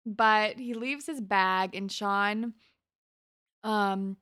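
A woman's voice: mid-range voice, drawn-out words, sharp tone, clear, resonant tone, no echo, studio quality. A young adult woman co-hosting a podcast, chattily retelling a TV episode with lots of quoted dialogue. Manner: chatty, loose storytelling with many fillers and quoted lines. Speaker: podcast co-host. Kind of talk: casual chat recapping a TV episode.

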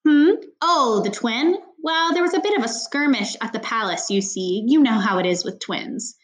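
A woman's voice: fairly high pitch, expressive, normal speed, natural voice. A woman reading a storybook aloud, voicing a suave, sarcastic older man who mocks his rival with exaggerated politeness. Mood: sardonic. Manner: silky and sarcastic, polite on the surface. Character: suave, mocking older man, a wily leader.

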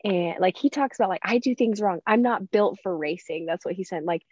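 A woman hosts a podcast in easy casual chat, laughing often and leaping high in pitch whenever she acts out what someone said. Her voice sounds dull and muffled. The recording is close and dry, with no room sound. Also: a little fast, hardly any pauses, darkish tone, no room sound. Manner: chatty, laughs often, acts out quotes with big pitch jumps. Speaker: podcast host.

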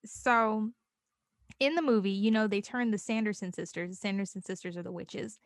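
Young woman chatting on a podcast, acts out quotes all squeaky, dry close mic. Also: moderate pace, no echo. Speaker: podcast co-host. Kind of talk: casual chat.

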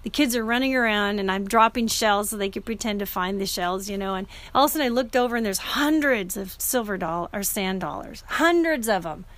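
A woman's voice: medium pitch, fairly quick, hardly any pauses, a bit bright, no echo. A middle-aged woman telling a personal story in a casual, earnest and emotional way, often restarting her sentences.

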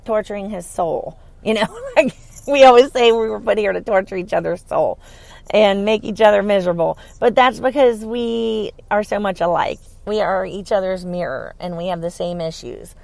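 A woman's voice: medium pitch, vocal fry. A woman in her thirties hosting her own podcast, rambling casually and laughing easily. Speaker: podcast host. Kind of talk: casual solo podcast chat.

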